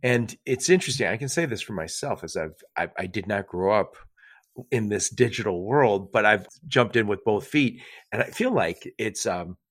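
A middle-aged man with a low voice hosts a podcast interview. He keeps it chatty and laughs easily between his questions. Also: expressive, normal speed. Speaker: podcast host.

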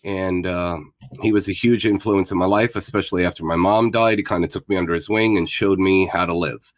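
Male guest in his fifties, deep and dry, plain-spoken candid storyteller. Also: steady tone, a little fast, dry recording. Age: 50s. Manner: plain-spoken, reflective, with frequent fillers.

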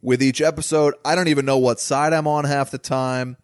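A man's voice: medium pitch, little pitch movement, a little fast, smooth, no room sound, clean studio sound. A man co-hosting a podcast, chatting casually and animatedly about movies and swearing freely. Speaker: podcast co-host.

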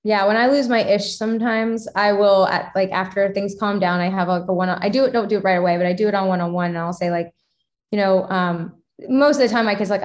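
A woman hosts a casual conversation, sharing her own parenting experiences in a chatty, personal way full of fillers. Her pitch sits in a middle range for a woman. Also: steady tone, brisk. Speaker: podcast host and parent.

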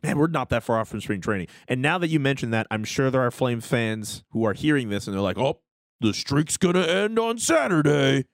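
A man's voice: medium pitch, fast talker, few pauses, dry recording. A man hosting a sports radio show in a studio, chatting casually and upbeat. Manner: lively, laughs easily, upbeat. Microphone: studio mic.

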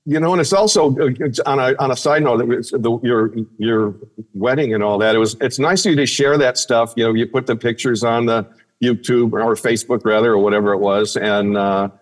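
A man co-hosts a podcast in a relaxed, rambling way, peppering his talk with filler phrases. His voice sits at an average pitch. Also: fairly quick. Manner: rambling, frequent "you know", easygoing. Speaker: podcast co-host. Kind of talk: casual podcast chat.

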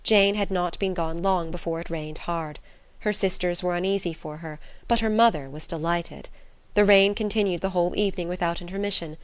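A woman narrating a classic novel in an even, composed way. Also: lowish voice, a little fast, smooth, dry recording. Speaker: audiobook narrator.

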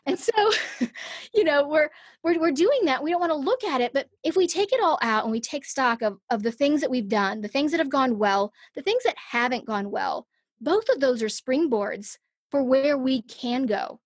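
A woman's voice: high voice, lively intonation, moderate pace, no echo, clean studio sound. A middle-aged woman, a podcast guest, telling a personal story in a conversational interview and acting out her own thoughts.

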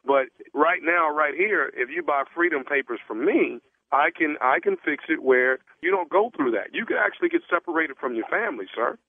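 Man, prank caller, earnest halting sales pitch, tinny phone line, dry sound. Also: expressive, no echo.

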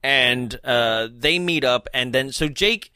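A man's voice: mid-range voice, slow pace, sharp tone, clear, resonant tone, no room sound, studio quality. A man co-hosting a podcast, chatting casually in a rambling, hesitant way with lots of fillers. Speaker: podcast co-host. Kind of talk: casual chat.

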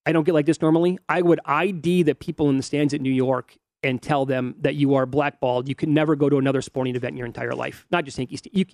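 A man's voice: medium pitch, fast, no echo. A middle-aged man hosting a sports betting talk show, animatedly narrating fan videos with mock outrage. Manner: animated, mock-outraged, acts out fans' lines. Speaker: sports betting radio host.

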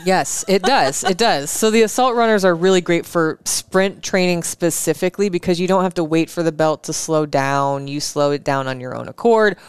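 A woman co-hosting a casual chat, calmly explaining running technique step by step. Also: on the low side, normal speed, few pauses, clean tone, dry recording. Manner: calm, explanatory. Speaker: podcast co-host.

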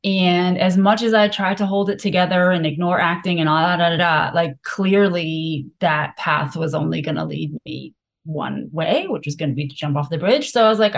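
A woman's voice: lowish voice, normal speed, gravelly. A woman physician, a podcast guest, telling her own story candidly and frankly, with many filler words. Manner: frank, confessional, heavy use of filler words.

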